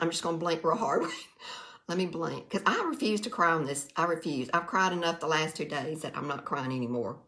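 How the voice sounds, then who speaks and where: A woman's voice: on the low side, fairly bright tone. A middle-aged woman from the Mississippi Delta with a Southern accent, speaking earnestly to camera in a folksy, heartfelt way, often repeating herself. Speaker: direct sales vlogger. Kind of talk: emotional testimonial to camera.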